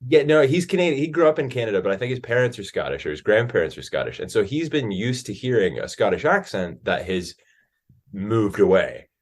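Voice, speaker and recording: Deep-voiced American man telling stories. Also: brisk. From Alaska, USA. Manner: animated storyteller, jumps into quoted voices. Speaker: podcast guest, actor. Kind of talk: casual interview chat.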